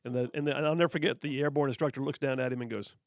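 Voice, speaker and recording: A man's voice: medium pitch, steady tone, rapid-fire, no echo, clean studio sound. A middle-aged man hosting a radio talk show, telling stories in a casual, chatty way with many restarts. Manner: chatty, repeats words as he goes. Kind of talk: casual on-air storytelling.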